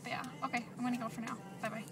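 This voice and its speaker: A young woman vlogs from inside her car as she drives, chatting and venting casually with plenty of filler words. Her fairly high voice is flat and very fast, picked up by a distant mic over road noise and loud music.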